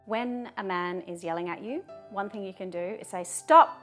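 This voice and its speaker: A woman talking to camera in a video, giving calm, measured advice and turning firm when she gives short commands. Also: mid-range voice, over loud music. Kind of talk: direct-to-camera advice talk.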